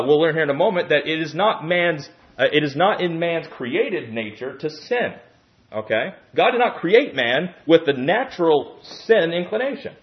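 A man's voice: fairly high pitch, muffled recording. A man preaching a Bible-teaching sermon in a teacherly way, often checking in with "okay?".

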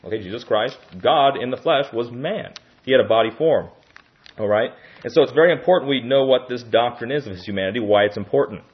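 A man's voice: mid-range voice, brisk, dull audio. A man preaching a Bible-teaching sermon in a teacherly way, often checking in with "okay?".

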